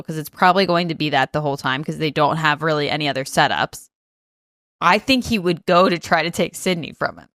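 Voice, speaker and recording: A woman co-hosting a podcast, chatting casually and quickly, often agreeing. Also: sits low, a bit bright, no room sound, studio quality. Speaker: podcast co-host. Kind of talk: casual recap chat.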